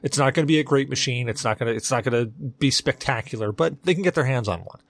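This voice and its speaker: A man's voice: mid-range voice, fast talker. A man co-hosting a casual gaming podcast, arguing his point step by step. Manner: argumentative, explaining step by step. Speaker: podcast co-host. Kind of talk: casual chat.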